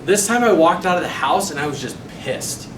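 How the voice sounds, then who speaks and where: A man's voice: on the high side, a little fast. Young man telling a story, echoey room. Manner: animated storytelling, acting out his own quotes. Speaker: sales trainer presenting to a team. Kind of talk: motivational training talk. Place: meeting room. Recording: echoey room, mic far off, noisy.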